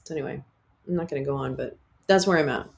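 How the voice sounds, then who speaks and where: A woman's voice: deep voice, fast, gravelly, a little mellow. A woman hosting a livestream, talking in a candid, rambling way with swearing and laughs. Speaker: livestream host. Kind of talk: casual livestream chat.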